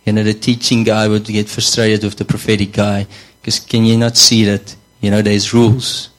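A man's voice: fairly low pitch, flat delivery, moderate pace, fairly bright tone, rough recording. A man preaching a sermon in a conversational way, often repeating words and saying "you know".

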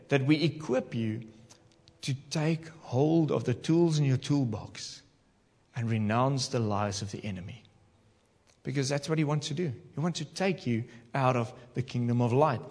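A male pastor preaching a sermon in an animated way, talking straight to his congregation in church. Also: medium pitch, long reverb tail.

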